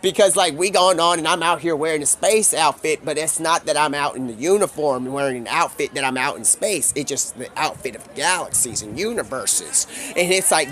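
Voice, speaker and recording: A man streaming live, rambling through an improvised story full of slang and quick voice switches for the people he quotes. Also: on the high side, a bit bright. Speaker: streamer telling a made-up story. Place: home streaming setup.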